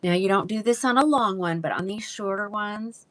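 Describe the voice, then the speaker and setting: A woman's voice: medium pitch, normal speed, fairly bright tone. A woman hosting a live wig sale, chatting casually and greeting viewers by name. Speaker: live-selling wig seller. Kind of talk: casual livestream sales chat.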